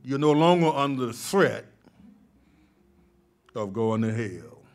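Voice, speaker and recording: A male pastor preaching a sermon, moving from calm teaching to loud, emphatic peaks. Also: mid-range voice, takes it slowly.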